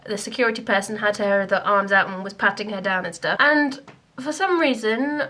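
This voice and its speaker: A young woman chats straight to her camera in a casual vlog, with a slightly high voice. She keeps a light, self-mocking tone and drops in quick jokey asides. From Scotland. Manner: chatty, self-deprecating, lively asides. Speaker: YouTuber.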